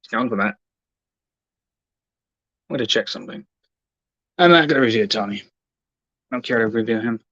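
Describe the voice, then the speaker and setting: A man's voice: medium pitch, moderate pace, long pauses, a bit bright, no echo, muffled recording. A man livestreaming, rambling casually and muttering to himself in an irritable, profane way. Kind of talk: rambling casual stream talk.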